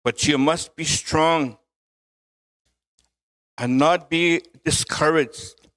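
A middle-aged man delivers a sermon at an unhurried pace, his voice sitting a little high for a man. He mixes gentle jokes and chuckles with careful, measured scripture reading. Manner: joking, chuckles often, slow measured reading. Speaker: preacher.

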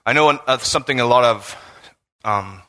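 Bright, animated man preaching, hall reverb. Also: mid-range voice, normal speed. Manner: casual, animated storytelling with laughs. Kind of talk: sermon with a personal story. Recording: long reverb of a large room.

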